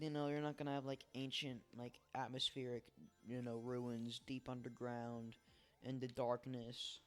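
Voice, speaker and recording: Smooth-voiced man rambling over gameplay. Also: medium pitch, fairly bright tone. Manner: rambling, self-deprecating, talks to himself while playing. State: tired, early morning. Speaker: let's play host. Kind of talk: casual gameplay commentary. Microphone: desk microphone.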